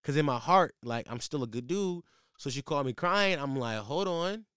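A man in his twenties telling a casual, profane story in slang, with his voice jumping high when he gets exasperated. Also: lively intonation, moderate pace, a bit bright, smooth, no room sound, clean studio sound.

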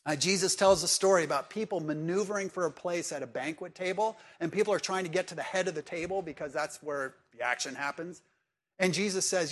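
Talking a little fast, a pastor preaches with a slightly higher-than-usual voice, conversing with his congregation and pushing them with pointed questions. He alternates between emphatic moments and hushed ones.

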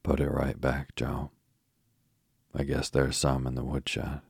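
A man voicing a resourceful young girl who looks after her brothers, earnest and gently bossy. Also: rumbling low, completely flat delivery, slow, vocal fry, breathy edge, no echo, clean studio sound, full character voice. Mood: flustered. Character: young girl, eldest sister, caring and resourceful.

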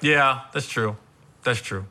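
A man's voice: medium pitch, slow. A man, a stand-up comedian, telling stories in casual chat with lots of swearing and laughter, acting out what others said. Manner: animated storytelling, swears, laughs often, voices others. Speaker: stand-up comedian, podcast host.

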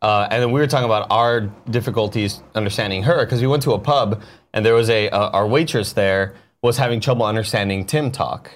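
A man co-hosting a casual morning show, telling animated stories and now and then slipping into put-on accents. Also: lowish voice, fairly quick. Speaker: co-host. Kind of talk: casual chat.

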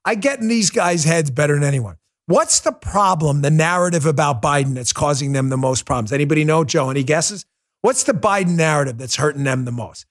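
A man's voice: on the high side, expressive, a little fast. A man hosting a political talk show, giving sarcastic, mocking commentary and talking to his live chat.

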